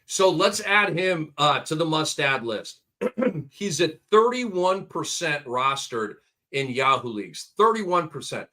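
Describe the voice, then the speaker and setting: A man co-hosting a casual sports podcast, excitedly rattling off stat lines. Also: fairly high pitch, slow pace. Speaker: co-host. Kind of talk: casual fantasy basketball podcast chat.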